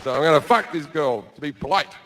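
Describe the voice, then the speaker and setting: A middle-aged stand-up comic speaks quickly in a high-side, fairly bright voice, with a little hiss or hum on the recording. Holding a mic on a club stage in front of a live crowd, he bluntly tells a crude, swear-heavy story.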